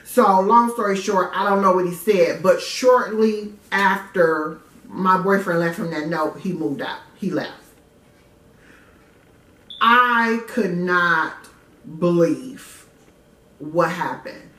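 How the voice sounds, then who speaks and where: A woman from Detroit, a vlogger telling a personal story in a casual first-person way. She is candid and animated and swears freely. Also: lowish voice, takes it slowly. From Detroit, USA. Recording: echoey room, mic at a distance.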